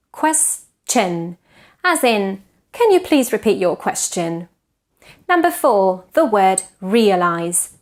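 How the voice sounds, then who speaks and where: A woman teaching English pronunciation, slowly contrasting wrong and right ways to say each word. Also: medium pitch. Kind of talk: pronunciation lesson.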